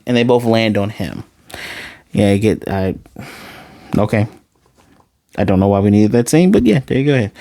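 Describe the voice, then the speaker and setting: A man casually recapping and reviewing an anime episode, talking excitedly and rambling straight to his viewers. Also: mid-range voice.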